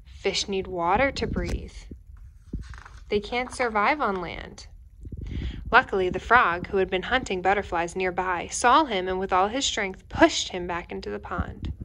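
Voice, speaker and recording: A young woman, a teacher, reading a picture book aloud to children indoors in a gentle, expressive way, speaking to the kids directly. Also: mid-range voice, a little slow, slight background noise. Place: indoors at home.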